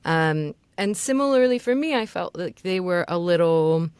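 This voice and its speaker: A woman's voice: fairly low pitch, animated, normal speed, darkish tone, clean tone, dry recording. A woman mentoring a voice actor, giving casual feedback in a chatty, loose way with many filler words. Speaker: voice acting mentor.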